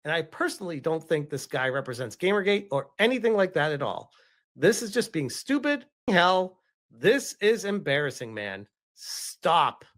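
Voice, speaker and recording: Guy streamer rolling his eyes at stuff, voice all over the place pitch-wise. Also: sing-song, moderate pace, fairly bright tone. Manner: dismissive, eye-rolling. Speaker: streamer in a played clip. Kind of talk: casual stream commentary.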